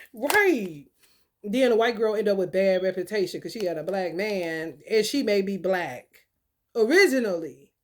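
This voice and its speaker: A woman giving casual spiritual commentary, profane and animated, with laughing asides. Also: medium pitch. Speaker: spiritual reader.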